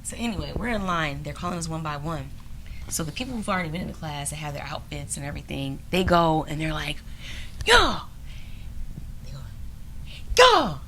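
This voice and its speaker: A woman co-hosting a podcast, telling a story in casual chat, animated and often laughing, acting out other people's lines. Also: sits low, fast, slight background noise. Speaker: podcast co-host.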